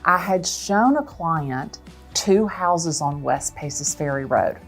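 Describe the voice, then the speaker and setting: A woman who sells real estate, telling a dramatic story in an expressive way. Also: low-pitched, slow pace, faint music behind. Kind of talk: animated storytelling.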